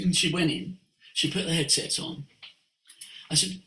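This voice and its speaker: A man, a voice coach, telling a story to an audience in an animated way and acting out the voices. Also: a little high, normal speed, long pauses, roomy sound, rough recording. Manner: animated, acts out voices in quotes. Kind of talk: storytelling talk.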